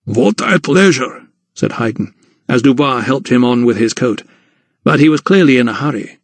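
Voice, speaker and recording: A man narrating a historical mystery audiobook in a measured, even manner. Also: medium pitch, dry recording. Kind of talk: scripted narration.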